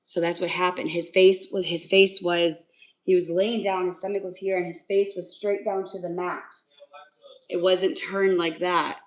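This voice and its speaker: Low-voiced woman chatting on a livestream. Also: flat delivery, normal speed, poor audio. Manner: emotional, rambling retelling with many fillers. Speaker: livestream host. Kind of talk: casual livestream chat.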